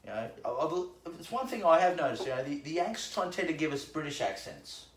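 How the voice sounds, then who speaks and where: A man's voice: fairly high pitch, very animated, fairly quick. An Australian man hosting casual, crude drinking banter, joking and laughing often. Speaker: podcast host. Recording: echoey room.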